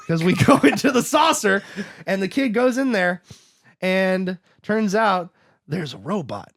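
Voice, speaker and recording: In clean, echo-free studio sound, a podcast host with a high voice, big pitch swings, vocal fry and a slow pace rambles through a film recap, leaning on "like" and performing quotes.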